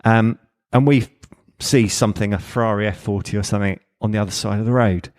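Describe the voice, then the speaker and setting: A man telling a story on a podcast in a loose, rambling way, with swearing and laughter slipped in. His voice sits slightly low. It is relaxed, easy conversation between friends. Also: fairly quick. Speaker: podcast co-host. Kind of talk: casual anecdote telling.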